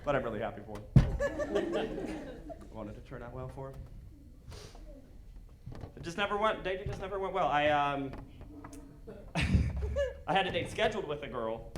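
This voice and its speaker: A man doing a stand-up comedy set on stage, animated and breaking into shouted punchlines. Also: fairly high pitch, moderate pace, long pauses, noisy background. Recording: live show with audience laughter. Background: crowd laughing.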